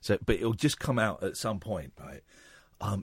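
A man hosting a late-night radio show, chatting in a rambling, self-mocking way that slips into a squeaky put-on voice. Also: expressive, moderate pace, husky, dry recording, studio quality.

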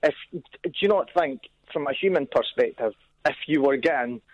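A man's voice: medium pitch, lively intonation, moderate pace, no room sound. Scottish man on a dull phone line. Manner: rambling, hesitant, full of asides. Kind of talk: casual radio chat.

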